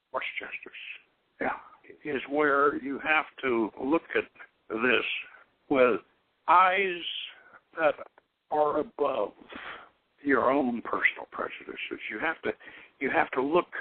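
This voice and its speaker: It's a slightly high male voice with no echo: an older man hosting a call-in show on occult philosophy. He wanders in his musings, repeating words and chuckling often, over dry, tinny audio that resembles radio through a phone.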